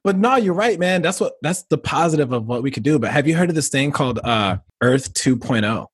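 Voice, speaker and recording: Husky man ranting casually. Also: on the high side, animated, a little fast. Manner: profane, rambling, conspiratorial. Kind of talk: casual chat.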